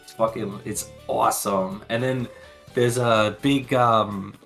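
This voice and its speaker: A man's voice: lowish voice, fairly even intonation, slow pace, music in the background. A man co-hosting a podcast, chatting casually and rambling through episode recaps, swearing freely and laughing often. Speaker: podcast co-host.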